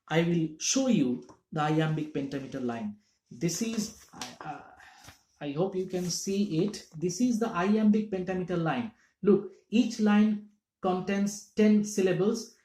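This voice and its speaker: A man's voice: sits high, a little mellow. A man teaching literature in a classroom-lecture style, explaining step by step and checking in with his listeners. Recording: echoey room.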